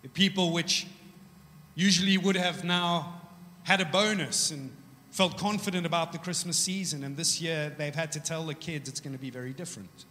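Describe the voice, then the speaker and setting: Animated high-voiced man preaching in a hall. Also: moderate pace. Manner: casual, joking, animated storytelling. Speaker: pastor. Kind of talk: sermon. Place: church. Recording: echoey church hall.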